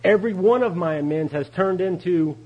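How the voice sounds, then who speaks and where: A man's voice: high-pitched, a little fast, dull audio. A man speaking at a recovery meeting, giving a candid personal testimony, storytelling and chuckling often.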